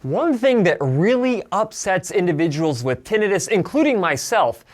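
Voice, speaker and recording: Man explaining as an audiologist host. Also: sits high. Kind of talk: scripted explainer talk.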